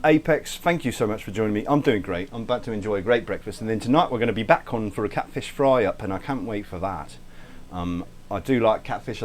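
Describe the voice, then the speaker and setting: Guy rambling through a cooking stream, shouting out viewers, tosses in a bit of cursing, keeps a put-on accent going the whole time. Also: fairly low pitch, slight background noise. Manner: chatty, rambling, thanks viewers by name; frequent self-interruptions and light swearing. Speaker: cooking livestream host. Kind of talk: casual live-stream chat while cooking.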